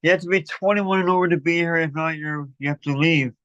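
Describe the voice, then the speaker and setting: A man co-hosting a livestream, cracking jokes and chiming in with quick upbeat lines. His voice sits a little high for a man, and the sound is dry and dull, with no room around it. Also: steady tone, a bit bright, no room sound. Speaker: livestream co-host. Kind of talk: casual livestream chat.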